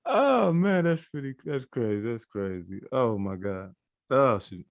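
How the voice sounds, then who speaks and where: A man's voice: mid-range voice, expressive, a little slow, gravelly, no echo, lo-fi sound. A man hosting a podcast in a laid-back casual chat, laughing often and leaning on filler phrases. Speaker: podcast host.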